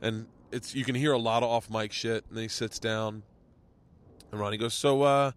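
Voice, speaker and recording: A man's voice: lowish voice, little pitch movement, normal speed, dry recording. A man hosting a podcast, telling a rambling anecdote in casual chat, acting out voices and swearing freely. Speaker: podcast host. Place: outdoors.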